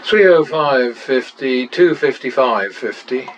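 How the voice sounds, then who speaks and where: A man talks through practice casino betting in an unhurried, deliberate way. He mutters running tallies and breaks in with wry exclamations. A faint ambient hum sits behind his voice. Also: mid-range voice, animated, highs cut off. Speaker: channel host.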